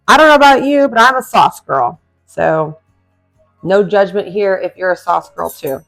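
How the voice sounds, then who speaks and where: A woman's voice: medium pitch, expressive, moderate pace, creaky, fairly bright tone, soft background music. A woman hosting a home cooking video, chatty and enthusiastic, talking straight to her viewers as she cooks. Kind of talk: casual cooking demonstration. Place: home kitchen.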